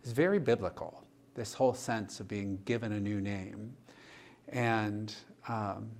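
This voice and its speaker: A male pastor telling a story in a church discussion, vivid and animated, acting out the dialogue he quotes. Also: on the low side, unhurried, vocal fry.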